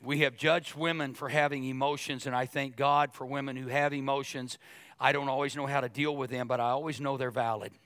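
A middle-aged male pastor preaching a sermon, animated and jokey, acting out other people's voices as he goes. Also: medium pitch, a little fast, no room sound.

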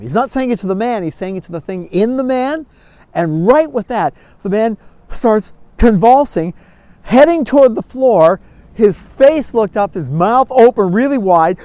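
A man teaching a Bible class, telling stories in a folksy, animated way with frequent chuckles. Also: sits high, moderate pace, dry recording. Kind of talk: storytelling Bible lesson.

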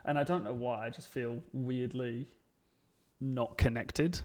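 A young English man chatting casually and telling stories, animated and swearing freely, acting out the people he quotes. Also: mid-range voice, a little slow. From England. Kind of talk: casual chat, storytelling.

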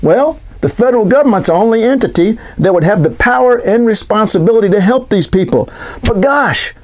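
A man giving a sarcastic, animated political commentary monologue full of rhetorical questions. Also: high voice, fairly quick.

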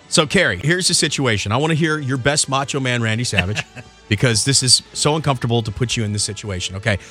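A man's voice: mid-range voice, quick pace, bright, forceful tone, soft background music. A man hosting a radio show, playfully egging his guests on in casual studio banter. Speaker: radio host.

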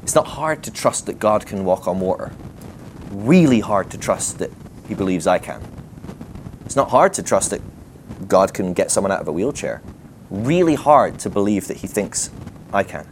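A lower-pitched man preaching in a relaxed, conversational way, thinking out loud with lots of fillers and quick laughs. The delivery is animated and chatty rather than formal. A faint hum of noise sits behind him. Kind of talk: sermon teaching.

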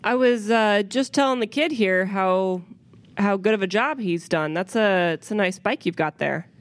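A woman's voice: mid-range voice, moderate pace, dry recording. A woman playing a tabletop game, speaking in character in a cool, understated way. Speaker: player. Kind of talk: in-character tabletop role-play.

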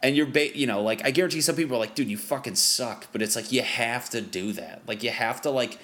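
Talking fast in a mid-range, slightly bright voice, a young comedian rambles through casual podcast banter. He's loose and profane, with lots of filler words.

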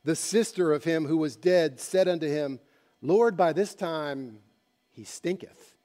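A man preaching a sermon, telling a story dramatically and moving between hushed passages and loud ones. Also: a little high, unhurried. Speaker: pastor.

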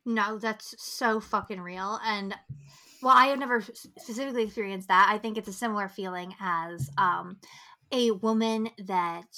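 Bright, gushing young woman podcaster. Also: mid-range voice, normal speed. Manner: exuberant, profane, gushing. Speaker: podcast co-host. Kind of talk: casual chat.

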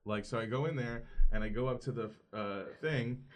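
Animated man telling loose stories. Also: medium pitch, normal speed, heavy background noise. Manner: animated anecdotes, acts out quotes; loose, rambling with fillers. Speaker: podcast guest, actor. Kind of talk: casual storytelling chat.

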